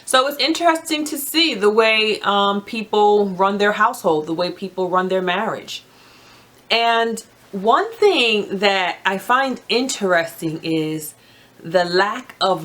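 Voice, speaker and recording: A woman's voice: medium pitch, fairly bright tone. A middle-aged woman vlogger talking frankly and earnestly to the camera, giving marriage advice with hesitations. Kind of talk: casual advice talk to camera.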